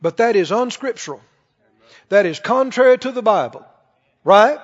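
A man with a notably high voice preaches to his congregation, asking them questions as he goes. The sound is muffled and lo-fi, with a long reverb trailing off through a large church hall. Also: expressive, normal speed. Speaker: pastor. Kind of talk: sermon. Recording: dull reverberant church recording.

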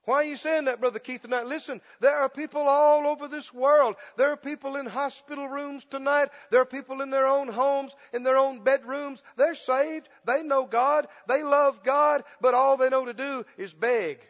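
Male preacher, very high voice, impassioned sermon, whimpering imitations, long hall echo, dull lo-fi sound. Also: fairly even intonation, moderate pace, hardly any pauses. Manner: impassioned, mimics pleading beggars in a whimper.

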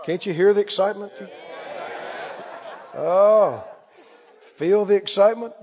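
A man preaching a lively sermon, calling out to the congregation and acting out anxious voices. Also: high-pitched, measured pace, a faint crowd. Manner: animated, calls for responses, acts out worried voices. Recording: dull echoey hall recording.

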